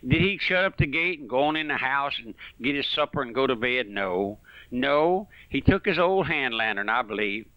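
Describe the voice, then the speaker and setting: A man's voice: medium pitch, animated, moderate pace, no echo, lo-fi sound. A man preaching a folksy, fervent radio sermon that rises and falls.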